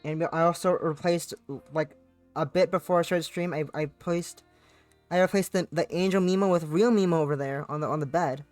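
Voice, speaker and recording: A woman's voice: lowish voice, fairly even intonation, moderate pace, darkish tone, no room sound, soft background music. A young adult woman live streaming a visual novel, reading it aloud and chatting in a playful, rambling way that repeats itself and slips into sing-song bits. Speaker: game streamer.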